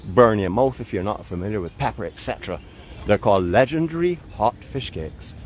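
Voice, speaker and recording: A man's voice: fairly low pitch, expressive, fairly quick, a little mellow, slight background noise. A middle-aged man from Barbados with a Barbadian accent, hosting a live walking tour, chatty and playfully teasing his viewers. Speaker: vlog host and walking guide. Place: outdoors by a seaside port in a town.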